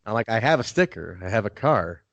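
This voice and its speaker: A man's voice: fairly low pitch, big pitch swings, fairly quick, a bit bright, dull audio, slight background noise. A young man hosting a casual podcast, swearing loosely and acting out both sides of his own stories. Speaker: podcast host.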